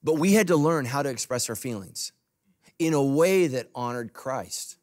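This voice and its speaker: A man preaching a sermon as pastor to a congregation in a church. He talks emphatically, swinging between loud, punchy lines and soft, low asides. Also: animated, normal speed.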